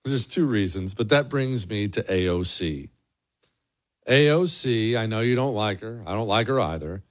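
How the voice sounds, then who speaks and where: A political commentary host with a lowish, expressive voice speaks at a moderate pace. His solo monologue is sarcastic and emphatic, with plenty of repetition for effect.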